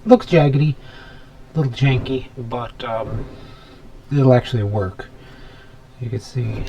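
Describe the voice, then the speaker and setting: A man hosting a casual workbench vlog in his home workshop, thinking aloud as he works and dropping into soft muttered asides. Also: medium pitch, a little slow, pauses often, background noise. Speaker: electronics hobbyist host.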